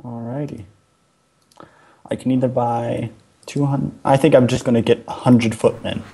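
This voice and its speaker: A man's voice: mid-range voice, steady tone, normal speed, creaky, mellow, breathy edge. A man talking as a player in a tabletop game, mumbled and unsure. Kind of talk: casual chat in a tabletop game.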